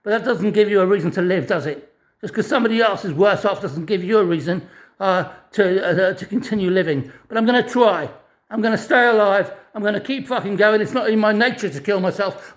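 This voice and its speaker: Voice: mid-range voice, fairly quick. A speaker giving a distressed, angry rant to camera, swearing constantly and stammering over restarted phrases. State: distressed and furious. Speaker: vlogger living in a hostel. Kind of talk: angry ranting monologue.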